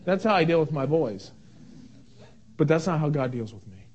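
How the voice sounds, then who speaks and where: High-pitched guy preaching, goes from almost whispering to shouting, repeats words for emphasis. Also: sing-song, moderate pace, husky, lo-fi sound. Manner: swings from hushed near-whisper to fervent shouting. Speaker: pastor; father of young sons. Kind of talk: sermon.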